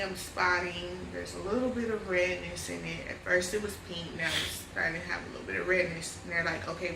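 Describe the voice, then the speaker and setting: A woman vlogger telling a personal story in a lively casual way, often calling her viewers y'all. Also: medium pitch, gravelly, roomy sound, far from the mic, a little hiss or hum, low-quality recording. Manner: animated, addresses viewers as y'all.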